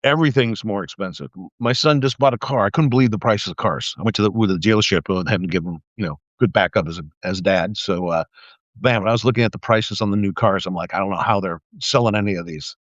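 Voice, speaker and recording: An older man with a lowish voice talks fast through an angry livestream rant about politics, cursing and mocking as he goes. Heat makes him stammer and restart. Dull, dry, lo-fi livestream recording.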